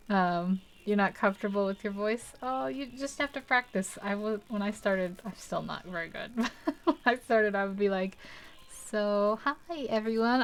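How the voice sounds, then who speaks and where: A young woman hosting a live art stream, chatting casually and rambling while she paints, laughing often and poking fun at herself. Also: mid-range voice. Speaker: art livestream host.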